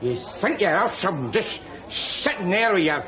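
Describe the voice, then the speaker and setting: An actor playing a loudmouthed, boozy middle-aged Scotsman with a Scottish accent, ranting and mocking in a belligerent sitcom scene. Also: high voice, very animated, moderate pace, full character voice. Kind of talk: sitcom acting. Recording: outdoor crowd and noise.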